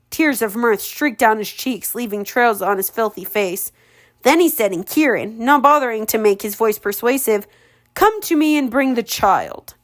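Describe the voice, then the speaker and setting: A woman's voice: fairly high pitch, fairly bright tone. A woman reading a storybook aloud for a relative in an informal way, correcting her own slips and adding chatty comments. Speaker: audiobook reader for a relative. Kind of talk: casual read-aloud with commentary.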